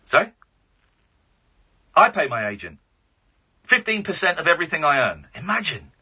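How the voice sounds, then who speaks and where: Sex: male. Role: radio phone-in host. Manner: sarcastic, combative. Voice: high, lively, bright, husky. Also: normal speed. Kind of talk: live radio phone-in argument.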